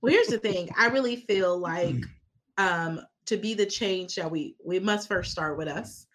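A woman's voice: on the low side, normal speed, a bit bright. A woman co-hosting a nursing podcast, a nurse educator who jokes along and then talks earnestly about teaching. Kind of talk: casual podcast banter.

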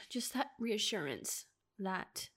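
This is a young woman, speaking alone at home into a personal podcast. She talks in a halting, emotional way, starting over mid-sentence and sighing between thoughts. Her pitch sits in an ordinary middle range for a woman. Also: animated, fairly bright tone, breathy edge. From United States. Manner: halting, emotional, many restarts and sighs. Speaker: podcast host.

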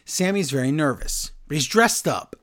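A man casually recapping a wrestling show, sarcastic and animated, reading from his notes. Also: on the high side, moderate pace. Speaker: podcast host recapping wrestling. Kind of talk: casual chat.

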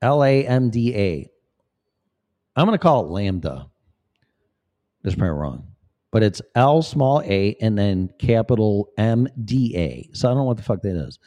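A man's voice: fairly low pitch, sing-song, moderate pace, pauses often, dark tone. A man talking in a rambling, profane, preachy monologue as a vlogger. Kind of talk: casual monologue.

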